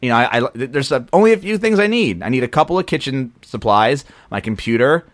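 A man's voice: mid-range voice, animated, fairly quick, dry recording. A young man, co-hosting a podcast in casual, rambling chat, often stopping and restarting his sentences. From Philadelphia area. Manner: rambling, self-interrupting, easygoing. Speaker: podcast co-host.

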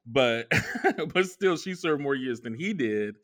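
A man talking frankly on a casual podcast, rambling through his thoughts and restarting often. His voice sits at an ordinary middle pitch. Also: lively intonation, slow, fairly bright tone. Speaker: podcast co-host. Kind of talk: casual chat reviewing a TV series.

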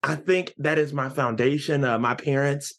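Enthusiastic male guest, mid-pitched, bright-spirited and lively. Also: moderate pace. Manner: upbeat, excitable, pitch jumps high when animated. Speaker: podcast guest. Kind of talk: casual podcast interview.

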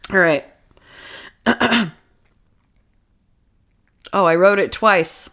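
A woman's voice: mid-range voice, extremely slow, fairly bright tone. A woman co-hosting a casual podcast, swearing freely and laughing often as she stumbles through reading a case. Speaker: podcast co-host.

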